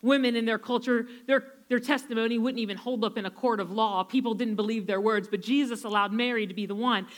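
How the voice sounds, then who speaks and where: High-voiced woman preaching a sermon. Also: fairly even intonation. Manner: emphatic, repeats phrases, slows down for dramatic stress. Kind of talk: sermon storytelling.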